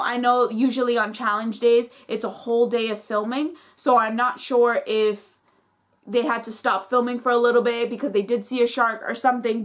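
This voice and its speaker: A woman's voice: a little high, fairly bright tone. A woman vlogger recapping a reality competition episode in a casual, opinionated way, fired up and full of "like".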